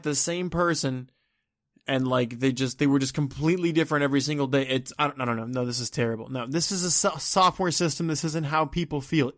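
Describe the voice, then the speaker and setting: A man with a fairly high voice rants into the camera in a vlog. He rambles and sounds exasperated, swearing freely and letting his words trail off into low mumbles. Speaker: vlogger. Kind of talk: ranting vlog.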